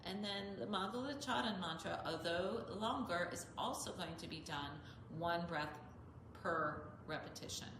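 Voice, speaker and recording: A woman's voice: on the low side, normal speed, roomy sound, background noise. A woman yoga teacher explaining chanting step by step in a patient manner. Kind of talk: instructional talk with chanting demonstration.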